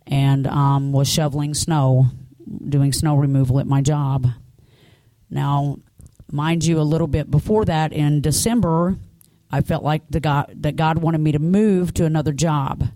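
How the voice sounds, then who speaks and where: A woman's voice: sits low, mellow, dry recording. Middle-aged woman, church testimony, earnest and conversational, close dry recording. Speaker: church speaker giving a testimony. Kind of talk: personal testimony.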